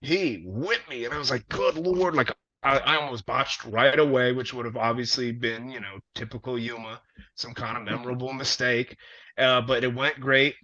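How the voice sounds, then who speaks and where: A man, a wrestler, telling a long story in casual conversation, animated and profane with plenty of fillers. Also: medium pitch, moderate pace. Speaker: wrestler guest. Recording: dull lo-fi audio.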